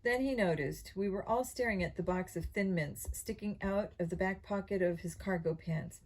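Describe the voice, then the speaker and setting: A woman reading a children's mystery novel aloud in an expressive, steady storytelling voice. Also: on the low side, normal speed, rough recording. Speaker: audiobook reader.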